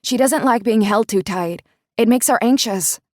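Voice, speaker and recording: A woman voicing a warm, teasing young woman who talks brightly and calls out across a distance. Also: fairly high pitch, moderate pace, dry recording, clean studio sound, voice pushed up, lightly acted. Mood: lively. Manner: bright and lively, calling out.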